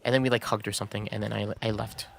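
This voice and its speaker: A man's voice: lowish voice, flat delivery, very fast, vocal fry, slight background noise. A man streaming a game, telling a story in a casual, rambling way with many fillers and restarts. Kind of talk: casual storytelling while gaming.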